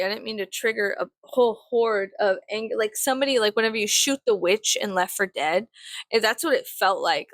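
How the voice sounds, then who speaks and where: A woman in her thirties venting in a casual vlog, blunt, profane and sarcastic, swinging into sudden high laughs. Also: a bit bright, dry recording. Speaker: vlogger.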